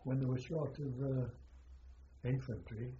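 An older man, a war veteran, slowly recounting his memories in a halting way with many pauses during an interview. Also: medium pitch, fairly even intonation, a little hiss or hum. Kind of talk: oral history recollection. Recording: echoey, dull archival interview tape.

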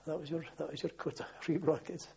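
An older man spins a rambling army yarn, doubling back on his words and chuckling. His voice is husky and dark-toned, sitting a little high. The tape sounds muffled and lo-fi. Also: little pitch movement, brisk. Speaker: interviewee recalling army service. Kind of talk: oral history reminiscence. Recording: dull lo-fi archive tape.

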